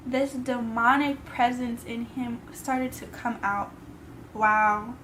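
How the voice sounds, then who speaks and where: A woman's voice: a little high, steady tone, slow pace, noisy background. A young woman telling a personal story in a vlog, with casual slang, emotional and tearful at times. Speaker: vlogger.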